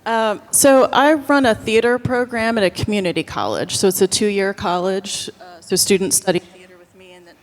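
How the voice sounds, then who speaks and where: A woman's voice: mid-range voice, normal speed. Woman, theater teacher, plain explanatory tone, mid voice, reverberant hall. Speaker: theater teacher asking a question. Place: convention hall.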